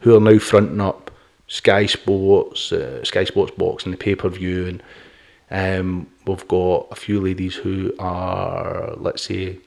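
A man's voice: low voice, flat delivery, takes it slowly, creaky, darkish tone. A middle-aged man hosting a podcast, talking bluntly and opinionatedly, swearing and laughing often. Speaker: podcast host. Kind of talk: casual podcast chat.

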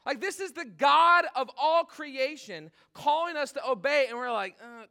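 A man in his thirties preaching a sermon in a casual, animated way, full of "like" and asides to the congregation. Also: extremely high pitch, moderate pace. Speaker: pastor.

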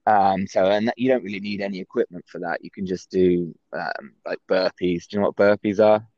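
A man from England with a West Country accent, a guest on a casual call-in chat, easygoing and quick to laugh. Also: low-pitched, a little mellow, no echo, muffled recording. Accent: English, West Country.

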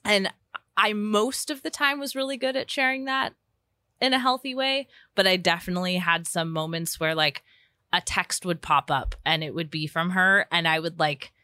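A woman's voice: fairly low pitch, normal speed, pushed and bright, no room sound. A young adult woman, a therapist guest, talking candidly in a casual chat with lots of fillers and restarts. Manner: chatty, self-deprecating, many fillers and restarts.

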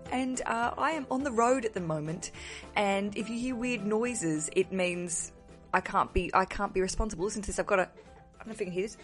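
Chatty woman podcast host, morning voice. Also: mid-range voice. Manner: chatty, rambling, cheeky and self-mocking. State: slightly rough morning voice. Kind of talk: casual solo podcast monologue. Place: hotel room. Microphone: wearing headphones.

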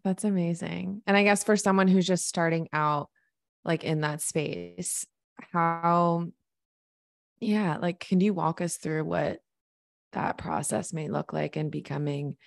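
A woman hosting a podcast, asking halting, affirming questions. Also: low voice, vocal fry. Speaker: podcast host. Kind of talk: casual podcast interview.

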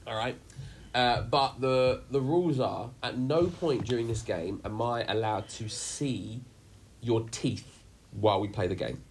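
A man's voice: mid-range voice, a little slow, slight background noise. A man leading a youth group chat on a video call, jokey and rambling with lots of fillers.

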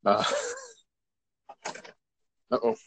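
A man hosting a casual chat, relaxed and amused, using "like" often as he talks. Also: drawn-out words, a little hiss or hum. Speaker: host.

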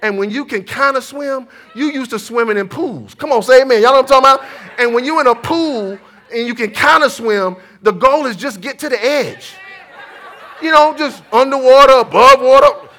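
Man, preacher, high voice, bright and forceful, animated storytelling, AAVE speech. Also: fairly quick. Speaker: pastor. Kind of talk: sermon.

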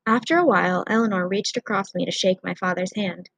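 Female audiobook narrator, husky voice, steady storytelling. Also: medium pitch, brisk, hardly any pauses, no room sound, low-quality recording. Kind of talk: first-person story narration.

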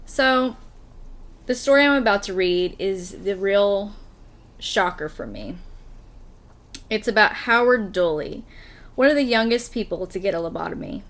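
A woman's voice: mid-range voice, expressive, measured pace, pauses often, a bit bright. A woman hosting a podcast, telling a true story in casual chat and laughing often. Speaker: podcast host reading a story.

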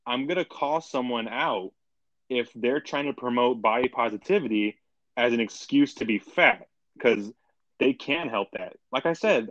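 A man's voice: medium pitch, no room sound, muffled recording. A young man co-hosting a casual podcast chat, blunt and opinionated, talking in slangy, run-on sentences. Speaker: podcast co-host.

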